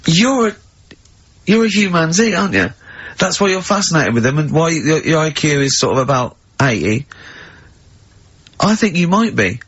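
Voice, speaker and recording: Husky man telling animated radio stories. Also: on the high side, moderate pace, long pauses. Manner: animated storyteller who acts out other people's lines. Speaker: radio show host. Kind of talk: casual radio banter. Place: radio studio. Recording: lo-fi radio recording.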